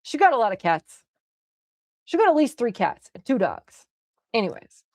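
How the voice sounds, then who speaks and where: A young woman streamer casually telling a story, animated, often laughing and swearing freely. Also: a little high, normal speed, no room sound, studio quality.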